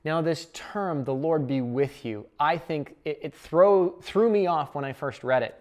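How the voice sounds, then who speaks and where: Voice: mid-range voice, a little slow, darkish tone. A Bible study teacher explaining scripture in a casual, conversational way, thinking aloud while working through the passage.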